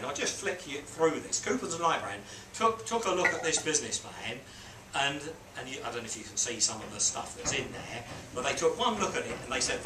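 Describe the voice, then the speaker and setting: A man mentoring a small group, telling a business story in a lively way and acting out quotes and beeping sounds. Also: on the high side. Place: on a boat. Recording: roomy, distant mic with background noise.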